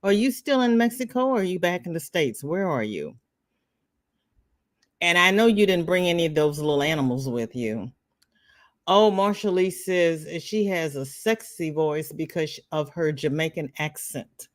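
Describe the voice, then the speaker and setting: A woman's voice: lowish voice, lively intonation, normal speed, no echo, studio quality. An older woman hosting a casual craft livestream, chatting and reading viewer comments aloud in a teasing, friendly way. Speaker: livestream host.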